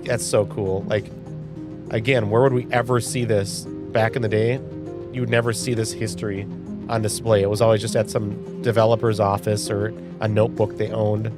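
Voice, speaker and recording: A man's voice: on the low side, flat delivery, moderate pace, over music. A man in his forties hosting a live stream, playfully reacting to viewer comments in casual chat. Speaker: livestream host.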